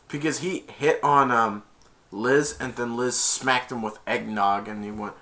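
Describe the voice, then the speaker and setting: A young man casually retelling a movie plot as an amateur reviewer, rambling and jumping into loud, high voices for the characters. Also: fairly even intonation, normal speed.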